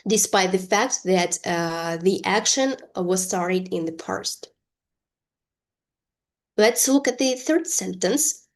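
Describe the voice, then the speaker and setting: A woman leads an online English lesson in a medium-pitched voice. She reads each example sentence slowly and deliberately and explains it with care. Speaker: English teacher.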